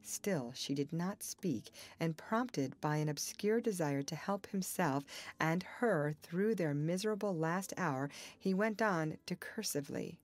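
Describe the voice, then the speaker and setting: A woman narrating a novel as an audiobook reader, in a measured, even storytelling manner. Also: low-pitched, soft background music. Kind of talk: scripted narration.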